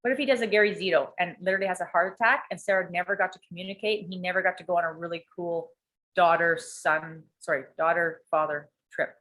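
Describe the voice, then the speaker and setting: Woman, low-ish bright forceful voice, candid animated storyteller, swears. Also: quick pace. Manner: animated, swears freely, acts out quotes. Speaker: coaching client sharing a story.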